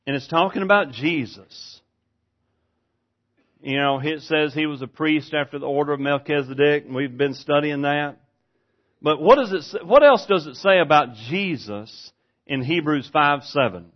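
A man preaching a sermon, swinging from hushed, slow scripture reading up to loud, shouted preaching. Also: a little high. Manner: reads scripture slowly and deliberately. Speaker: pastor. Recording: dull lo-fi sound.

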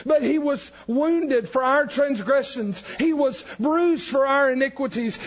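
A man preaching an evangelical sermon, fervent, building up to shouted emphasis on key lines. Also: very high-pitched, a little slow, hardly any pauses, muffled recording.

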